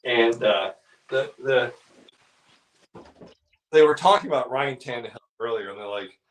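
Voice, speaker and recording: A man in an easygoing chat, spinning a story at an ordinary pitch for his sex. He stumbles through restarts and fillers as he goes, and slips into the voices of the people he describes. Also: unhurried, low-quality recording. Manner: rambling, full of restarts and fillers.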